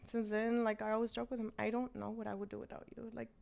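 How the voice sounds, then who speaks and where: A woman's voice: fairly high pitch, flat delivery, fast talker, gravelly, darkish tone. A woman, a business owner telling her story as an interview guest and switching between English and Spanish.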